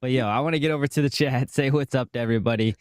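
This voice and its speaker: A man co-hosting a live stream, reading out chat names with laid-back, laughing shout-outs. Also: medium pitch, very fast, clear, resonant tone, dry recording, studio quality. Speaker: co-host.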